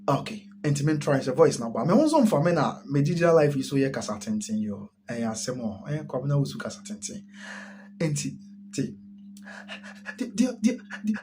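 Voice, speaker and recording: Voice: medium pitch, noisy background. A host with a Ghanaian accent chatting casually on a live stream, mixing Twi and English while reading viewer comments. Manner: chatty, mixes Twi and English, laughs often.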